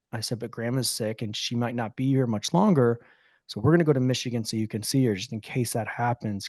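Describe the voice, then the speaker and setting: A man's voice: medium pitch, a little mellow, no room sound, clean studio sound. A man co-hosting a podcast, telling a personal story in a candid, conversational way and often saying "dude.". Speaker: podcast co-host. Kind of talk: casual storytelling.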